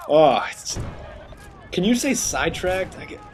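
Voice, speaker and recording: A man giving chatty, rambling gameplay commentary, getting sidetracked and excitable over his kills. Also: high voice, unhurried, slight background noise. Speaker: gaming commentator.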